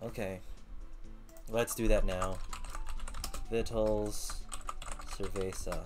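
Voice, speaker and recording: A man streaming a game playthrough with relaxed, quiet asides. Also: fairly low pitch, takes it slowly, music in the background. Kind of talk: casual game playthrough commentary.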